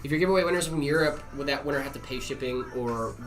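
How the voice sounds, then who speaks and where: A man's voice: medium pitch, fast talker, over music. A man hosting a live stream, casually answering viewer questions with lots of "uh" and "um" and easy jokes. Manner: relaxed, full of "uh" and "um" fillers, jokey.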